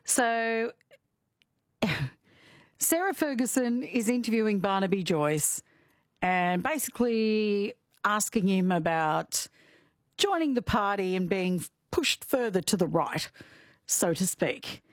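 An Australian woman presenting a radio show, telling stories in a chatty, giggly and animated way. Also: medium pitch, slow, long pauses, no room sound, studio quality. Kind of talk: casual radio chat.

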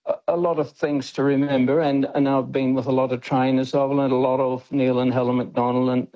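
A man's voice: medium pitch, flat delivery, fairly quick, highs cut off. An older Australian man, a dog trainer, talking as a guest in a radio interview, plain-spoken with frequent restarts.

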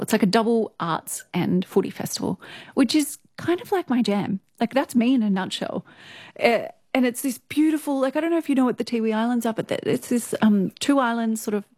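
A woman's voice: fairly high pitch, darkish tone, no echo, studio quality. A young Australian woman telling stories as an interview guest, chatty and laughing often, full of "like" fillers. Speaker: interview guest, news presenter. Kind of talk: casual storytelling interview.

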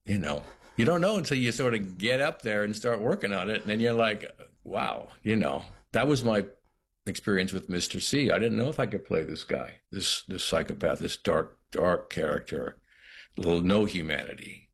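A man with a very low, deep voice and an American accent talks through his craft in a relaxed interview. He circles his thoughts and often restarts, with many small fillers and "you know"s. His low register stays steady under an unhurried, thoughtful delivery. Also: husky. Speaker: actor. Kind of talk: interview conversation.

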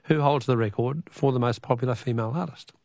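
A man's voice: mid-range voice, fast talker, creaky, a little mellow, no room sound. A middle-aged Australian man hosting a radio call-in quiz, jovial and chuckling as he repeats the question.

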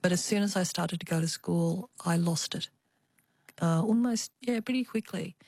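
An older woman reflects on her family's past at an unhurried pace, often pausing to find her words. Her voice sits low for a woman. The recording is close and dry, with no room sound. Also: no echo. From Australia. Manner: warm reminiscing with small hesitations. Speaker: interview guest. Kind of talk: reflective storytelling.

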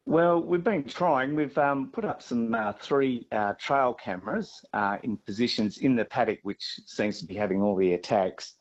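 A man with an Australian accent, a farmer being interviewed, talking haltingly with many fillers and restarts. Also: medium pitch, breathy edge, muffled recording.

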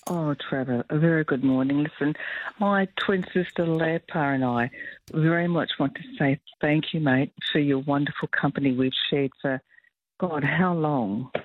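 Effusive caller on tinny phone. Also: female voice, sits low, normal speed, dry recording. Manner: effusive, repetitive, calls everyone mate. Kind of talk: phone-in chat.

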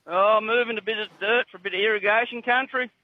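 A man's voice: high voice, steady tone, fast. A man with a broad rural Australian accent, calling in to a radio show and chatting in a laconic, dryly humorous way. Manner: laconic, dry humour, says "mate" a lot. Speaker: caller. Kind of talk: casual radio phone-in chat. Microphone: phone. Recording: tinny phone line.

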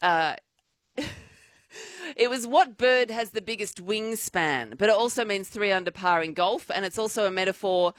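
An Australian woman runs a radio quiz with a bouncy, lively voice that swings up and down. She chats and giggles easily. The sound is close and dry, as from a studio mic. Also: medium pitch, measured pace, no echo. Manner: chatty, giggly, playful. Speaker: radio host. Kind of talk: live radio quiz chat. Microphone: studio microphone.

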